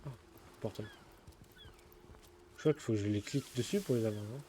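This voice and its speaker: A man's voice: on the low side, quick pace, crowd noise. A man giving casual, chatty live gameplay commentary as a streamer, reacting wryly to the game.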